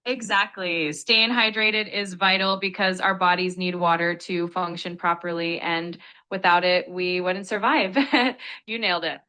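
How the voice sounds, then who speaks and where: A synthetic-sounding woman tutor with a bright, crisp edge to her voice. She explains vocabulary patiently, staying polite and upbeat throughout. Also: fairly low pitch, steady tone, a little slow. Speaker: AI English tutor.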